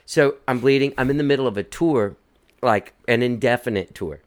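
A man's voice: mid-range voice, normal speed. A man hosting a casual chat, telling a long story in a rambling way, laughing and swearing as he goes. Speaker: host.

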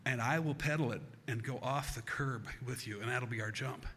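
A man's voice: medium pitch, normal speed, a bit bright, a little hiss or hum, natural voice. A man voicing his eager older brother explaining a plan.

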